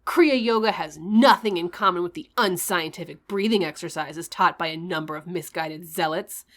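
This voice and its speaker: A woman's voice: on the low side, normal speed, close to an everyday voice. A woman putting on a mad, overwrought voice for a man lecturing on spiritual power. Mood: mock-grandiose. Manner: mock-dramatic, exaggerated reading.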